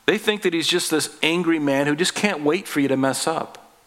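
A man's voice: normal speed, fairly bright tone. Folksy, conversational male preacher. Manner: folksy, jokey, rising in pitch and force on emphatic points. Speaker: pastor. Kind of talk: conversational sermon.

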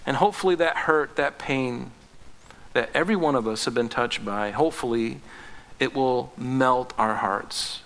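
A man preaching a sermon as pastor, earnest, swinging from impassioned pleading to low, gentle tones. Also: a little slow, pauses often, big-room sound.

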